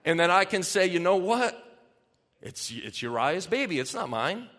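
A man's voice: sits high, big pitch swings, fairly bright tone. A man voicing a panicked, scheming ancient king who talks to himself in a frantic rush, heard with long hall reverb. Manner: frantic, rushed self-talk.

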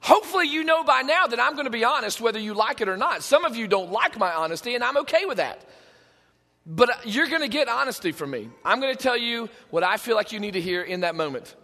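A man preaching a sermon in a conversational, animated way, with joking asides to his congregation. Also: extremely high pitch, fast talker, in a large hall. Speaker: pastor. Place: church sanctuary.

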